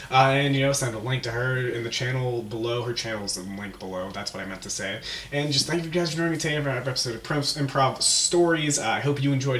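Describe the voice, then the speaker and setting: A man's voice: medium pitch, a bit bright. Guy rambling thru a made-up story, laughs at himself, echoey room, mic kinda far off. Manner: rambling, chuckling, self-mocking. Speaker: host. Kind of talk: improvised comic storytelling vlog. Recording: roomy, distant mic, faint hum.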